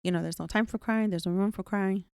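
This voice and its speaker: A woman's voice: medium pitch, fairly even intonation, quick pace, darkish tone, clear, resonant tone. A woman hosting her own podcast alone, talking candidly and emphatically and swearing freely. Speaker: podcast host. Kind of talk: solo podcast monologue.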